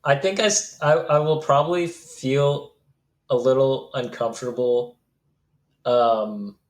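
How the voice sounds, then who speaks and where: A man being interviewed as a coaching client, speaking hesitantly with halting restarts. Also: mid-range voice, fairly even intonation, reverberant. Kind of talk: interview conversation.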